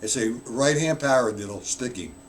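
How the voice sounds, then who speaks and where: A man's voice: medium pitch, animated, normal speed. A man teaching drum rudiments on a live stream, counting beats aloud between casual, self-correcting explanations. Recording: loud drum and click noise. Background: drumming.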